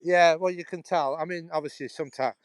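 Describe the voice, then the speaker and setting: A man's voice: fairly high pitch, steady tone, brisk, smooth, dry recording, low-quality recording. A middle-aged man from England with a Stoke-on-Trent Potteries accent that drops his H's, chatting to live-stream viewers on a phone while walking a canal path outdoors, rambling and chuckling as he goes. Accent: Stoke-on-Trent Potteries, dropped H's. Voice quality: chatty, laughing, restarting phrases. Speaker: vlogger live-streaming a walk. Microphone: phone held while walking.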